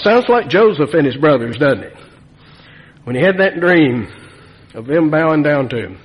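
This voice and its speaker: A man preaching a sermon in a folksy, animated way, with asides to his congregation. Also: a little high, normal speed, lo-fi sound. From Nevada. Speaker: pastor. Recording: long reverb of a church hall.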